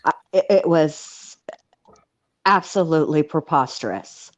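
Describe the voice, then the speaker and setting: A woman chimes in as a guest on a livestream over a video call. She is emphatic and quick with questions. The call audio is a little dull, with her pitch in a middle range. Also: dry recording. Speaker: guest commentator. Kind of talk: casual livestream discussion.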